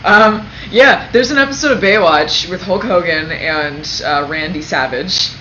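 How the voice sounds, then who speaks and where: Bright-voiced woman chatting in an echoey room. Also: fairly low pitch, a little slow. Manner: chatty, laughs often, detailed storytelling. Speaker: co-host of a fundraising livestream. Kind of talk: casual chat. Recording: echoey room, dull lo-fi sound, faint noise.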